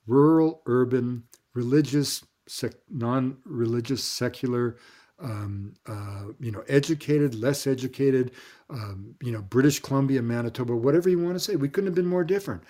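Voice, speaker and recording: A man speaking as an interview guest, telling stories in an eloquent, sweeping way that trails off softly at the ends of phrases. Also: medium pitch, moderate pace. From Canada. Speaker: guest anthropologist. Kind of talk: reflective storytelling in an interview.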